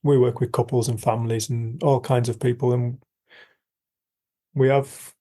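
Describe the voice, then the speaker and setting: A man's voice: mid-range voice, flat delivery, moderate pace, dark tone. A middle-aged man, a coach, talking candidly in an interview, earnest and frank, repeating himself and swearing now and then. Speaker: coach and podcast guest. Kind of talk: candid storytelling conversation.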